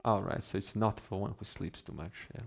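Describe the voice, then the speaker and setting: A low, gravelly male voice teaching a scripture class. He talks in a loose, conversational way and keeps putting questions to the room. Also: a little fast. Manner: conversational, asks the class questions, laughs while joking. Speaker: Vedanta teacher.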